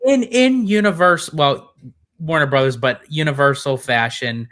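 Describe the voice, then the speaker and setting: A man's voice: a little high, normal speed, fairly bright tone. A man co-hosting a casual podcast, chatting easily with laughs and some self-deprecation. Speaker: podcast co-host. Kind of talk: casual chat.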